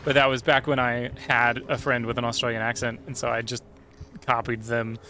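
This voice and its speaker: Guy streaming a game, chatty and sweary, bright cutting voice, normal pitch. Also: little pitch movement, a little fast, a little hiss or hum. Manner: chatty, swears freely, mutters to himself. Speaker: streamer and voice actor. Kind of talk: casual live-stream chat while gaming.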